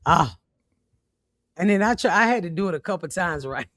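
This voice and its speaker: Woman, middle-aged, brash profane storyteller, swooping lively pitch, dry close sound. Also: moderate pace, dry recording. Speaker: comedian podcast host. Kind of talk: loud storytelling chat.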